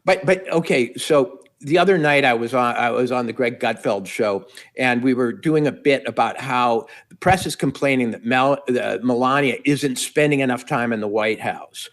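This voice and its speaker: A man's voice: medium pitch, normal speed, few pauses. Middle-aged male guest pundit with a mid-range voice, wry and rambling, builds his points through repetition. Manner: wry, meandering, piles up repeated phrases. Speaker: guest commentator. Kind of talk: political commentary.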